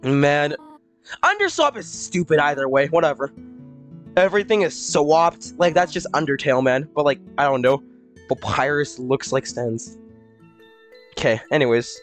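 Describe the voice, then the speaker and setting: Faint music plays behind a streamer who chats loosely with viewers and reads their comments aloud. The medium-pitched voice is expressive and moves at normal speed, full of giggles, rambling, cursing, and silly character voices.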